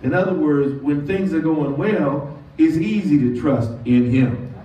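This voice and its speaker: A pastor with a slightly high, mellow voice delivers a sermon in a church sanctuary, leading call-and-response and slowly drawing out key words. The recording is distant and echoey, with dull lo-fi audio and faint noise.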